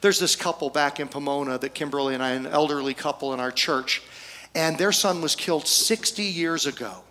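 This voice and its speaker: A male pastor preaching a storytelling sermon, folksy, with humorous asides and pauses for effect. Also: fairly high pitch, pushed and bright.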